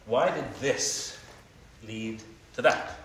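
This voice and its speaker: Animated preacher man in an echoey room. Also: medium pitch, extremely slow. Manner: animated, swings between quiet and emphatic. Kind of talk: sermon. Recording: echoey room with faint noise.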